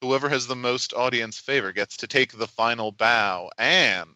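Bright, dry-voiced man explaining his game. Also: mid-range voice, moderate pace, no room sound, rough recording. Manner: thoughtful, explanatory, with frequent restarts. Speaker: game designer guest. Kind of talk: podcast interview.

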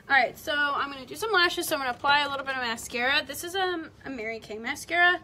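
Over a very noisy recording, a young beauty vlogger streams a makeup tutorial from home, rambling chattily with "like" in constant rotation. Her voice sits high and her pace is quick.

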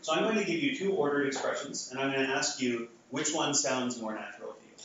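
A man's voice: medium pitch, quick pace, a bit bright, a little hiss or hum. Man lecturing in an echoey hall. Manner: conversational, frequent restarts and fillers. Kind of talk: academic lecture with audience polling. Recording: echoey hall, far from mic, dull sound.

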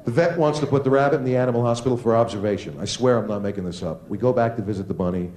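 A man doing a crude stand-up comedy set on a club stage, animated and quick to slip into squeaky voices for the people in his stories. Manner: crude, animated, jumps into high squeaky voices for quoted characters. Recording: roomy live club recording with loud crowd noise.

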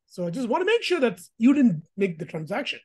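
A woman voicing a smooth, persuasive male scam caller who gives calm, reassuring instructions. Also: on the high side, fairly quick.

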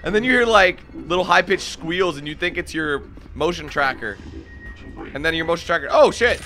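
A man giving casual, excitable gameplay commentary, swearing often and yelling when things go wrong. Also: a little high, normal speed, slight background noise. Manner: excitable, swears a lot, yells when panicked. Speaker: let's play commentator.

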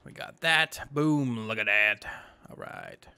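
A gaming YouTuber chats casually through his own gameplay in a let's-play, thinking aloud and tossing in exclamations. His fairly low voice is slow, bright, and forceful, with vocal fry and a smooth quality.

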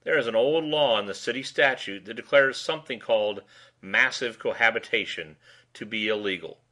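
A man's voice: mid-range voice, normal speed, sharp tone, close to an everyday voice. A man voicing a sly, amused male police lieutenant who talks in a wordy, mock-formal way.

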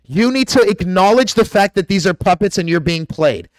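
A man's voice: high-pitched, animated, moderate pace, no echo, studio quality. A man delivering an aggressive, profane, preachy rant straight to his viewers as a vlogger. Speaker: conspiracy vlogger. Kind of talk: ranting monologue to camera.

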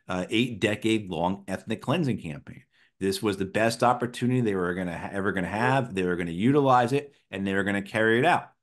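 A middle-aged man, a former Marine officer, giving conversational political analysis as an interview guest, thoughtful and full of restarts and fillers. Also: lowish voice.

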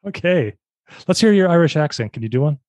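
A man's voice: a little high, lively intonation, fairly quick, darkish tone, no room sound. A man co-hosting a podcast, chatting casually and joking with his guests. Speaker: podcast co-host.

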